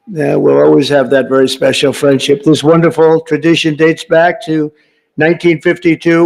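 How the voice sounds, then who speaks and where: A man speaking at an indoor reception in a gravel-edged voice pitched a little above the usual male range. He rambles off script, calling out to guests and teasing them between prepared lines. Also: darkish tone. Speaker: host of a reception, giving a speech. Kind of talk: off-the-cuff speech. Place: large reception room, indoors.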